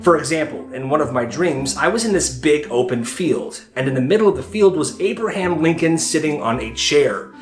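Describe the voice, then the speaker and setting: A young man telling stories and giving tips in a casual, playful way. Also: fairly high pitch. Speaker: short-video creator. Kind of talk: casual storytelling and comedy skits. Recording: light guitar music behind.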